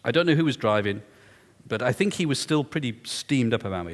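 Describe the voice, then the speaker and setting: A man's voice: mid-range voice, very animated, fast. A man telling a story during a public lecture, emphatic and confiding. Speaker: guest lecturer. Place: lecture hall. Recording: echoey lecture hall.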